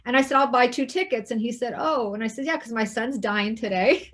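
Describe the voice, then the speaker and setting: Soft-spoken woman telling a personal story. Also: fairly high pitch, brisk, background noise. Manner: soft, hushed retelling with quoted dialogue. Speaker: interview host.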